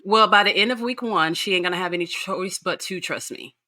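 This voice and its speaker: Bright-voiced woman chatting casually. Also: fairly low pitch, fairly quick. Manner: chatty, animated gossip about celebrities. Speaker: podcast guest host. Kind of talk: casual podcast chat.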